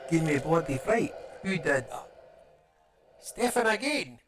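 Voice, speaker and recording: A man's voice: a little high, big pitch swings, a little slow, pauses often, very noisy. A man chatting playfully as he builds a paper model, muttering to himself and making silly sound effects.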